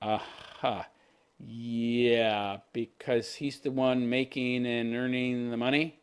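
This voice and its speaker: A man's voice: mid-range voice, little pitch movement, takes it slowly, smooth. Profane, scornful male commentator. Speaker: channel host. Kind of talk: ranting commentary.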